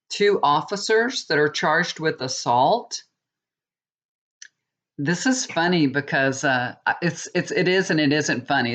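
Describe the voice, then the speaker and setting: A woman's voice: low-pitched, dull audio. Chatty woman reading tarot. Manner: chatty, rambling with many restarts, asks viewers "okay?". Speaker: tarot reader. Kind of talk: casual monologue reading.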